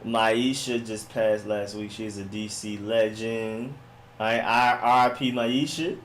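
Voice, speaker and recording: A man's voice: fairly low pitch, fairly even intonation, slow, slight background noise. A man hosting a casual sports live stream, rambling in a slangy, laid-back way as he reads and answers viewer comments. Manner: laid-back, rambling, slangy, often says "you know what I'm saying".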